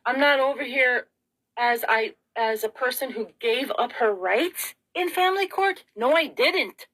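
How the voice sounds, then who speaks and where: A woman's voice: on the high side, measured pace, fairly bright tone, poor audio. A middle-aged woman vlogging in an emotional, rambling monologue, frazzled and tearful, sighing and asking rhetorical questions.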